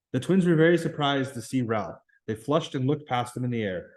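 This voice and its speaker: A man reading a novel aloud in a plain, measured way. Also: mid-range voice, animated, a little mellow. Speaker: reader.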